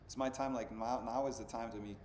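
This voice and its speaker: A man's voice: medium pitch, fairly even intonation, quick pace, darkish tone. Slangy man in his thirties, echoey room. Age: 30s. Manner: loose, slangy, peppered with "bro" and "dude". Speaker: podcast host. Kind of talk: casual chat. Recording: echoey room with faint ambient noise.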